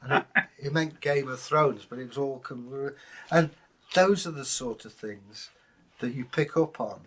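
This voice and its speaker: An Englishman in middle age chats easily as co-host, his voice sitting at an ordinary middle pitch. He spins anecdotes and drops into brief impressions along the way. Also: fairly bright tone, slightly rough. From England. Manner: anecdotal, slips into quick impressions. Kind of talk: casual chat.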